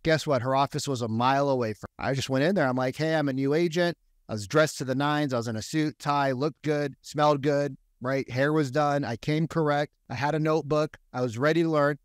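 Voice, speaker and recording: A man who works as a real estate agent, telling stories in a casual podcast chat with a profane, animated delivery. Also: a little high, fairly quick, hardly any pauses, no room sound, clean studio sound.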